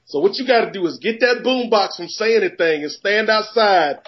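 Joking podcast host, lo-fi sound. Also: male voice, high-pitched, brisk. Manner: joking, rambling, animated riffs. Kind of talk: casual sports podcast banter. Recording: dull lo-fi podcast audio.

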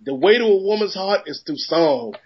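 A man co-hosting a casual sports podcast, joking and rambling through animated riffs. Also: high voice, normal speed, breathy edge. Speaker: podcast co-host. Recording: dull lo-fi podcast audio.

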